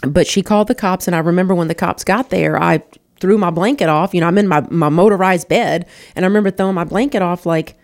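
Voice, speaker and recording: A woman with a lowish voice tells her own story of loss and faith. She talks straight to her listeners, earnest and emotional, and calls them "y'all.". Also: quick pace. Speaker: show host. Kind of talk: personal testimony.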